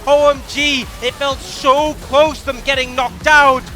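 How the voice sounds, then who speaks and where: A man's voice: very high-pitched, flat delivery, unhurried. A man giving analytical color commentary on an esports match, often checking in with "right?". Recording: commentary over loud game music.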